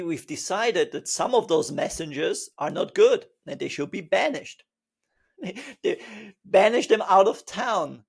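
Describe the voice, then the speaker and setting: A man's voice: high voice, gravelly, darkish tone. A man giving a motivational spiritual talk, emphatic, asking rhetorical questions and acting out the inner voices he describes. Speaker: spiritual speaker.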